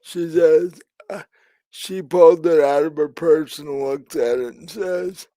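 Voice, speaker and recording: A man's voice: fairly high pitch, unhurried, warm tone, no room sound. A man narrating as game master of a tabletop game, hesitant with many fillers and restarts.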